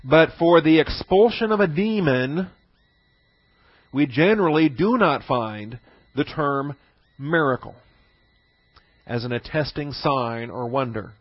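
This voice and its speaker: A man's voice: a little high, animated, takes it slowly, pauses often, no echo, dull audio. A man teaching through a Bible passage, repeating key phrases and posing rhetorical questions to his listeners.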